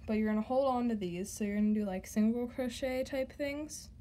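A woman walking the viewer step by step through a craft tutorial, speaking chattily straight to them, stumbling over words now and then, her voice slightly hoarse. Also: fairly high pitch, a little fast, dark tone.

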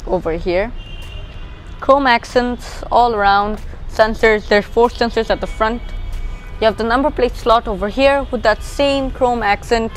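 A woman's voice: on the high side, unhurried, soft background music. Chatty Bangladeshi-accented woman reviewing a car. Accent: Bangladeshi English. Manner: chatty, explanatory, points things out as she goes. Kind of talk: casual walkaround car review. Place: outdoors beside a parked car.

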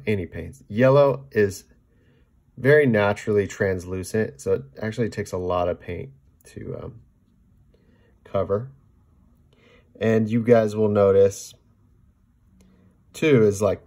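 A man giving a casual painting demonstration, chatting as he mixes paint, often checking in with "okay?" and trailing off softly mid-task. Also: lowish voice, gravelly. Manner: talks while mixing paint, trailing off softly. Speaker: painting instructor.

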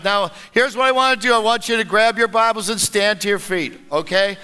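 A pastor preaching an energetic sermon and leading the congregation in call-and-response. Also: male voice, high voice, moderate pace, few pauses, clean tone. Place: church sanctuary. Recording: long church hall reverb.

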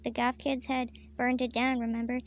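A woman's voice: fairly high pitch, flat delivery, moderate pace, a little hiss or hum, natural voice. A woman reading a dim-witted, goofy male henchman in an eager way.

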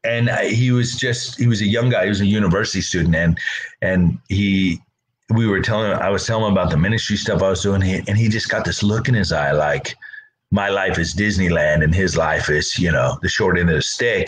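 A middle-aged man speaks in a somewhat low voice as he teaches from the Bible. His delivery is relaxed and conversational, with frequent repeated words, and he slips into the voices of the people he quotes. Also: a little fast, a little hiss or hum, low-quality recording. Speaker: pastor.

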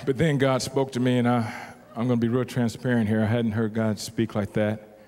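A middle-aged man, a motivational speaker, telling a comic story to a live audience in an animated, exaggerated way with sudden yelps. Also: medium pitch, fairly quick, a little hiss or hum.

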